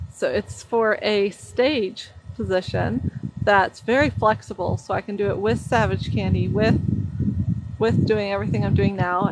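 A woman performer chatting excitedly on a phone livestream in a bubbly, gushing way. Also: fairly high pitch, low-quality recording. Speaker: performer and content creator. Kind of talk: casual livestream chat.

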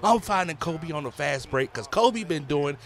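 A man, a father, giving excitable, slangy play-by-play commentary over his own video game session. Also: a little high, normal speed. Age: adult, a parent. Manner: excitable, slangy hype talk. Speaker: gaming YouTuber.

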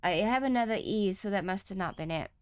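A woman's voice: mid-range voice, animated, fairly quick, heavy background noise. A woman playing a horror game and talking to herself as she plays, nervous and chatty, then signing off to her viewers. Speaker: gaming channel host.

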